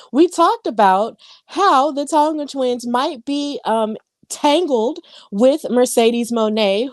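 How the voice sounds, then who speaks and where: A woman with a slightly high voice co-hosts a podcast, recapping wrestling in a casual, chatty way packed with fillers and asides. The audio is clean studio sound with no room noise.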